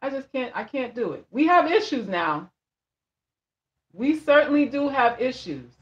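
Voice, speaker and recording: A woman's voice: high-pitched, big pitch swings, measured pace, lo-fi sound. A woman vlogger chatting casually on a livestream, blunt and emphatic, repeating phrases for emphasis and answering viewer comments. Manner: reads viewer comments aloud and answers them. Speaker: vlogger and life coach.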